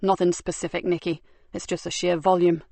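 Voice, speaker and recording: A woman's voice: fairly low pitch, level tone, a little fast, gravelly, dark tone, no echo. A woman voicing a blunt senior male police superintendent in an audiobook.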